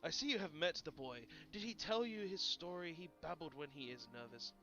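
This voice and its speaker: A man voicing a gruff older male pirate captain, reading slowly and gravely, on dull lo-fi stream audio with faint game music. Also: a little high, animated, bright, forceful tone.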